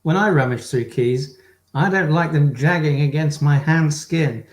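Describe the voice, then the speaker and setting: A man voicing a moisturizer ad pitchman in an improvised scene, delivering a slow, deliberate sales pitch. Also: natural voice. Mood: salesy. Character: smooth male moisturizer ad pitchman. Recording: echoey room.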